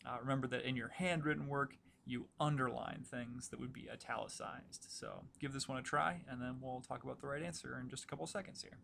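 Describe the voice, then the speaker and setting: A man explains writing rules in a recorded lecture, speaking casually with plenty of fillers. His voice has a strong gravelly fry, and faint room noise sits under the recording. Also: mid-range voice, steady tone, brisk, few pauses, fairly bright tone. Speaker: writing instructor.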